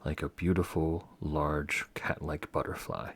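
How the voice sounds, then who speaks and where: A man's voice: very deep voice, flat delivery, measured pace, husky. A man narrating as game master of a tabletop game, rambling with many fillers and restarts.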